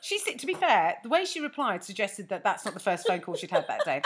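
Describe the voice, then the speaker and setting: A woman in a relaxed chat who tells funny stories against herself and acts out what each person said. Her voice is bright and slightly husky, with lots of ups and downs in pitch. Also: fairly quick, few pauses. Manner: self-mocking storytelling, acts out both sides of conversations. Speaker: podcast co-host and comedian. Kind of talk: casual chat.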